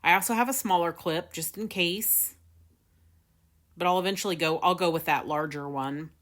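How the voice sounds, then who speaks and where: A woman's voice: lowish voice, normal speed, fairly bright tone. A woman hosting a casual paper craft tutorial, chatty, with frequent laughs and fillers. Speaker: craft video host.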